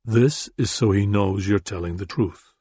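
Brief: narrator voicing a grim, soft-spoken archer man, dead and level, low-pitched. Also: measured pace, slightly rough, no echo. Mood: menacing. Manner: flat, dead, menacing calm. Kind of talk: audiobook character voice.

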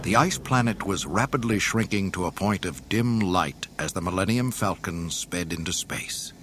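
A man with a fairly low voice narrates a storybook, his pitch rising and falling with lively drama. A faint hiss sits under the recording. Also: moderate pace. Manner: dramatic, expressive reading.

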